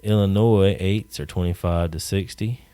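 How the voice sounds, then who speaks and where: A man's voice: sits low, fairly even intonation, moderate pace, dark tone, clear, resonant tone, no echo. A man hosting a podcast, ranting casually with rambling, profane, joking asides. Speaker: podcast host. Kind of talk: casual solo rant.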